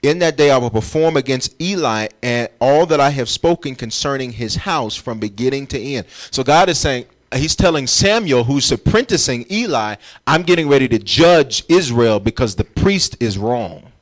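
A man's voice: mid-range voice, lively intonation, moderate pace, hardly any pauses. A man preaching a sermon as pastor, emphatic and urging his congregation along as he explains scripture. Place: church.

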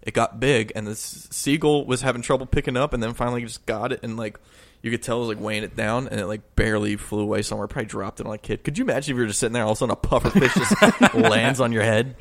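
A man's voice: mid-range voice, very fast, fairly bright tone. A man chatting casually with friends, telling a story with lots of laughter, swearing and quoted voices. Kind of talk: casual chat among friends.

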